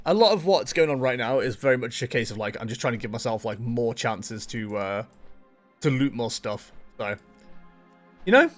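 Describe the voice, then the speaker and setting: A man chatting casually as he streams a game, rambling along with frequent fillers and self-corrections. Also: medium pitch. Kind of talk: casual gameplay commentary.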